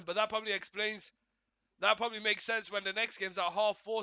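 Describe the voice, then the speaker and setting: A man calls a football match live for his stream audience, a little croaky from a cold. His voice sits high and sounds very bright and edgy. The sound is close and dry, with no room around it. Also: fairly even intonation, a little fast, no echo. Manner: chatty, greets viewers often, corrects himself. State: slightly croaky, coming down with a cold. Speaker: football watchalong host. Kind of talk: live football play-by-play commentary.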